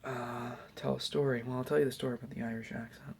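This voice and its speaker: A young man giving a soft, hesitant, whispered ASMR Q&A at home late at night, rambling with lots of fillers. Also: mid-range voice, fairly even intonation, fast, gravelly, slight background noise. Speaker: YouTuber answering questions.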